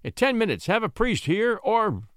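A man voicing a haughty French marquis who barks orders, raised and forceful above his narrating voice. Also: high voice, sing-song, normal speed, dry recording, clean studio sound, pitched above the performer's own voice. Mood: threatening. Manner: imperious, barking orders.

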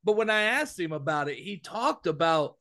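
A man co-hosting a college football podcast, talking emphatically with quick restarts. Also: on the high side, very animated, a bit bright. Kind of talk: casual sports podcast chat.

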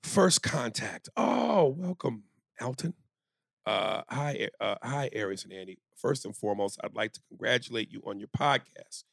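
Gravelly, animated man hosting a podcast. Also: fairly low pitch, normal speed, no echo, studio quality. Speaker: podcast co-host. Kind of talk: crude comedic podcast banter.

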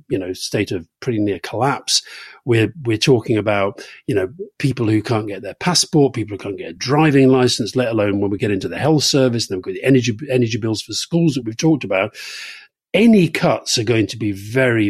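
A Scottish man co-hosting a political podcast, talking briskly in casual chat and turning to teasing banter. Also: on the low side, slightly rough. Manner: brisk, talkative, breaks into teasing. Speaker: podcast co-host.

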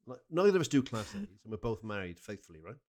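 A man on a podcast telling a lively pub anecdote, acting out the other voices. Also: mid-range voice, fast. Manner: animated storyteller, acts out the other voices. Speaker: podcast co-host.

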